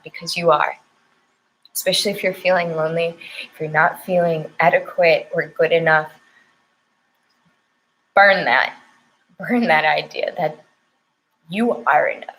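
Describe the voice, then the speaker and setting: A woman's voice: on the low side, fairly bright tone, slight background noise, poor audio. A young woman giving a spiritual oracle card reading, speaking tenderly with affirmations and sounding close to tears.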